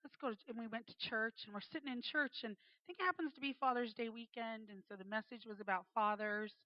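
Woman, 40s, earnest testimony teller, a bit high, muffled dry audio. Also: brisk, no room sound. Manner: earnest, acts out quoted voices. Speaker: speaker giving a faith testimony. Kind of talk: personal testimony storytelling. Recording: dull, slightly muffled dry sound.

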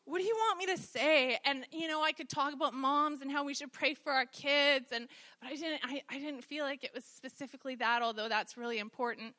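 A woman's voice: high voice, steady tone, fairly quick, pushed and bright. A woman preacher giving a conversational sermon, telling stories with humor. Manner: chatty, storytelling with humor.

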